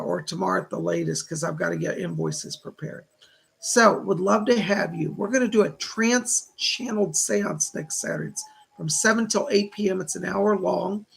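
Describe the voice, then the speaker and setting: A man's voice: sits high, vocal fry, a bit bright, breathy edge. A man hosting a casual livestream as a psychic, chatting to viewers and greeting names from the chat.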